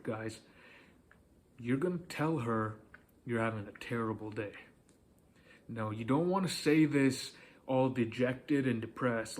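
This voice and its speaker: A man's voice: mid-range voice, slight background noise. A man giving dating advice in a casual, direct monologue, coaching the listener and often checking in with "okay?".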